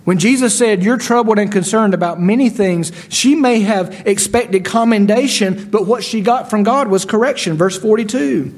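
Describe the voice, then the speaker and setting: A man preaching a sermon, expressive, acting out the words of biblical figures with rising and falling loudness. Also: high-pitched, normal speed, few pauses. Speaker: pastor.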